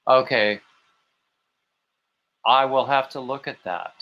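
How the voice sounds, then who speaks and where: Speaking slowly with long pauses, this livestream host rambles casually and reads out comments from viewers. His mid-range voice has a slight brightness, and the stream audio is dull and lo-fi.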